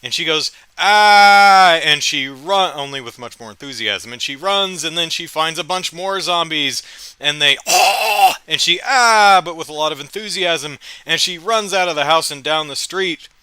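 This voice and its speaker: A man's voice: on the high side, moderate pace, bright, forceful tone, clean tone, no room sound. A man hosting a casual solo podcast, recapping with wry, amused storytelling into a close mic. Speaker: podcast host.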